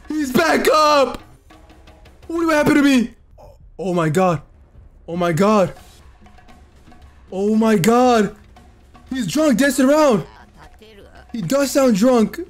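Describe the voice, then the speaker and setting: Excitable male reaction host, swears and shouts, drawn-out delivery, faint music underneath. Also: extremely high pitch. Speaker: anime reaction channel host. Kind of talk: live reaction commentary. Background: faint anime soundtrack playing.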